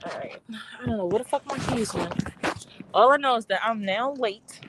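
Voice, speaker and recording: A young woman with a fairly high, lively voice talks to her viewers from her parked car at a normal pace. Her casual vlog is flustered and chatty, peppered with frequent swearing, and noticeable background noise runs through the recording.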